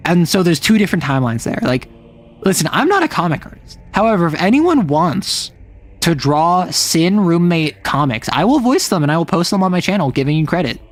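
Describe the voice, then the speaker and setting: A man streaming casually, chatting in an excitable way with quick asides. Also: a little high. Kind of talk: casual livestream chat.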